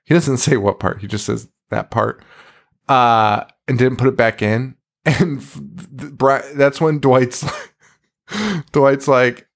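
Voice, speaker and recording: A man's voice: mid-range voice, takes it slowly, vocal fry. Young man recapping a movie, laughing. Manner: laughs often, swears, acts out movie lines. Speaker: podcast co-host. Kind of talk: casual chat, movie recap.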